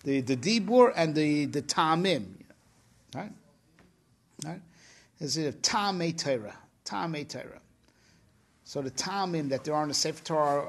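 A man's voice: on the high side, gravelly, slightly rough. A man teaching Torah in a casual discussion, often repeating himself and checking in with "right?".

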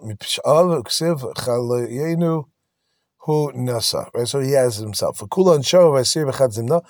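A man's voice: medium pitch, no room sound, clean studio sound. A man giving a text-study lecture, reading passages and explaining them in casual everyday words, acting out the dialogue with animation. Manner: animated retelling with acted-out dialogue. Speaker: teacher.

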